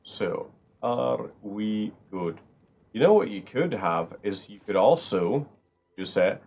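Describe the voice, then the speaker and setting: A man hosting a gaming video, chatting casually and rambling through upbeat asides while he plays. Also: fairly low pitch. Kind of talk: casual gameplay commentary.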